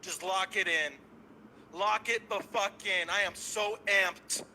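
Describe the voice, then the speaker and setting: A man calling into a show, ranting with loud, cocky excitement and swearing. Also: high voice, slow pace, a little hiss or hum, low-quality recording. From San Francisco Bay Area. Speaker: caller. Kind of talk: hyped fan call-in rant.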